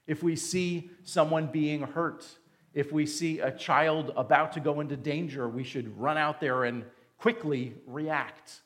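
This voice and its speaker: A male pastor delivers a sermon in a slow, deliberate way. His voice sits a little high, and he drives his points home with emphatic rhetorical questions. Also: fairly even intonation, fairly bright tone.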